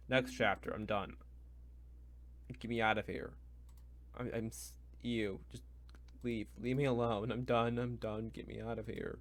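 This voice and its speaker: A young man reacting live to a book, exasperated and ranting, going from mutters to loud complaints. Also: lowish voice, fairly even intonation, measured pace, long pauses. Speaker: reviewer.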